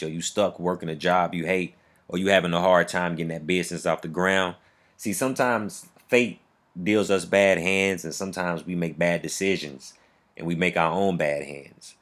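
A man hosting a podcast interview in a casual, slangy way, with playful jumps into high-pitched laughing impressions. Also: a bit bright. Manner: laid-back slangy talk, bursts into high laughing impressions. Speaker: podcast host.

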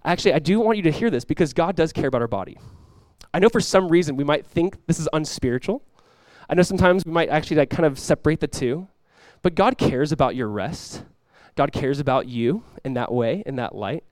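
A man's voice: on the high side, lively intonation, brisk, dry recording. A man preaching a sermon as pastor, talking casually with the congregation and rising into emphatic bursts.

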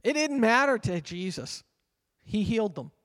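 Male pastor, high voice, earnest sermon delivery, long church-hall reverb. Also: sing-song, fairly bright tone. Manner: earnest preaching, slows down to read scripture aloud. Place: church sanctuary.

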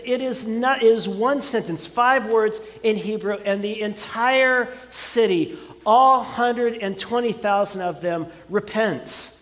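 A man with a notably high voice preaches a sermon at an unhurried pace. He stresses his points by repeating words and stacking phrases. His voice carries a long reverb, as if from a large church hall. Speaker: pastor.

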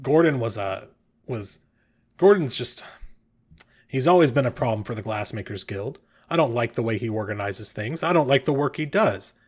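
A man's voice: mid-range voice, lively intonation, normal speed, husky. A sulky middle-aged glassmaker, played by a man, sighing and exasperated. He sounds fed up with the whole affair in this tabletop game. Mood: irritated.

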